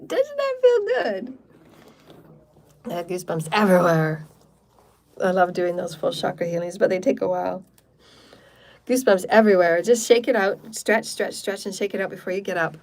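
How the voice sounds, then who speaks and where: A woman's voice: on the low side, steady tone, brisk, vocal fry, a little mellow. A woman spiritual healer on a livestream, leading a guided healing meditation and chatting afterwards, often repeating words and phrases in runs. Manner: speaks in chanted syllables. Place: home livestream.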